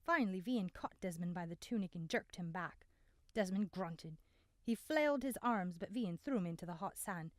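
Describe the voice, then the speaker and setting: A woman narrating a novel in an even, measured way. Her voice sits on the low side for a woman. The close mic leaves it dry, with no room in it. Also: no echo. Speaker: audiobook narrator. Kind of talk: scripted narration.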